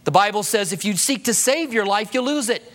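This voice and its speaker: A man with a high, light voice preaching a sermon to a church congregation. He keeps it conversational, tossing out rhetorical questions. When he voices a prayer, he drops to a soft hush. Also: expressive, brisk. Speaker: pastor.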